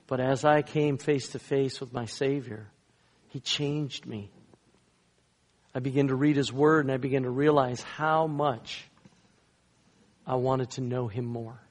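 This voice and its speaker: A man, a guest pastor, telling a story in a sermon, swinging between loud emphatic lines and hushed soft ones. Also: mid-range voice, steady tone, a little slow, pauses often. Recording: long reverb in a large hall.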